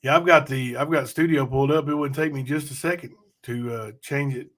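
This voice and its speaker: Hosting a laid-back livestream, a man reads viewer comments and rambles chattily, addressing chat head-on. His mid-range voice is steady in tone, a bit bright, and fairly quick.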